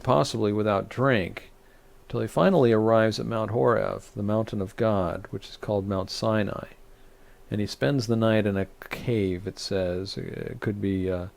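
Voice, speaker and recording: A man's voice: on the low side, gravelly, darkish tone. A man, a rabbi, teaching a Torah study, reading scripture aloud and explaining it with frequent restarts and fillers.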